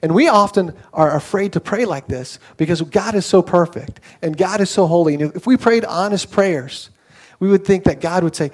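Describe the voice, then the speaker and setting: A young man with a fairly high voice delivers a sermon. He keeps it conversational and animated, slipping into quoted voices as he tells the story. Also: moderate pace. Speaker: pastor.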